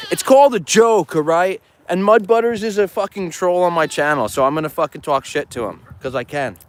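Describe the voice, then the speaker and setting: A farmer vlogger with a high-pitched voice speaking at normal speed chats crudely and profanely, joking around outdoors on his farm among goats.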